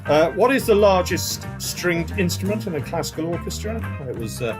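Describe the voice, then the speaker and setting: A man's voice: high-pitched, sing-song, moderate pace. Chatty man hosting a music quiz. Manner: chatty, with asides and dry jokes. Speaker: quiz host. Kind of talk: live-streamed music quiz reading answers. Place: home room in front of a CD collection.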